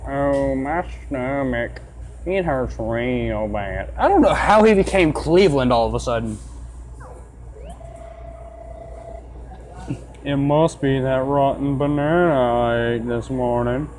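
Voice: medium pitch, unhurried, a little mellow, a little hiss or hum, natural voice, low-quality recording. A player voicing a folksy, swaggering cowboy fossil-fighting champion with a put-on country twang. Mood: groaning.

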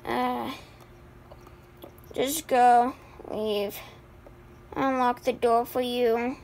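High, slow-talking woman, halting delivery. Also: steady tone, darkish tone, a little hiss or hum. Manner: halting, stammering, with many fillers and sighs. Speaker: voice actor for a homemade life-sim movie. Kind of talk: improvised amateur voice acting.

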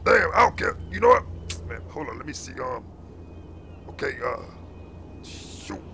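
A man's voice: medium pitch, sing-song, measured pace, creaky, slight background noise, full character voice. A man playing a bossy, bumbling young street cop who blusters, barks orders and fumbles through paperwork. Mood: fumbling. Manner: blustering, yells shut up, fumbles and mutters.

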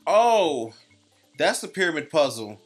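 A man's voice: on the high side, sing-song, a little slow, soft background music. A man commentating a video game with a friend in casual, profane, teasing banter. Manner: profane, teasing, bursts into made-up song. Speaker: let's play commentator.

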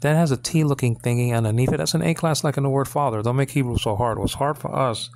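A man's voice: medium pitch, quick pace, creaky. Rambling American man teaching biblical Hebrew. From United States. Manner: rambling, full of fillers and self-corrections, checks in with listeners. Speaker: Bible teacher. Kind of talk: informal teaching on Hebrew text.

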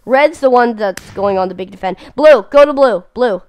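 A young woman chatting while playing a game, goofy and silly, often shouting and mooing. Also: fairly high pitch, lively intonation, moderate pace, slight background noise. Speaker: gamer. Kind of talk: casual gaming chat.

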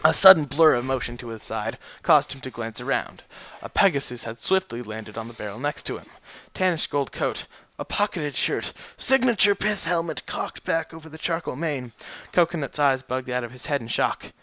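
A man casually reading a fan story aloud, animated, sometimes stumbling over words and chuckling at the text. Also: medium pitch, moderate pace, no echo, lo-fi sound. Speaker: reader.

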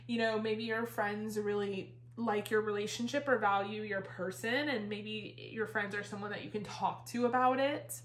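A woman's voice: mid-range voice, steady tone, normal speed, hardly any pauses, a little hiss or hum. A woman giving a casual, rambling tarot reading, a little out of breath, with lots of fillers and the odd swear word. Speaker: tarot reader. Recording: roomy echo.

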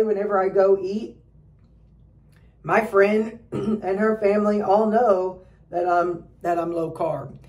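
A middle-aged weight-loss vlogger gives her viewers a rambling, casual pep talk full of fillers and restarts, acting out quoted relatives in a higher voice. Her tone is darkish, and the lo-fi recording comes from a distant mic.

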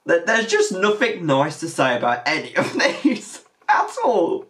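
A woman talking to her audience in a casual reaction video. She laughs helplessly and swears freely, and her pitch swings widely while her pace stays unhurried. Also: very animated, fairly bright tone.

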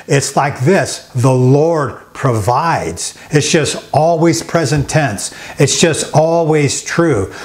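Slow-emphasizing male pastor. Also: mid-range voice, darkish tone. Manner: slow emphatic repetitions with frequent uh fillers. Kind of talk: sermon.

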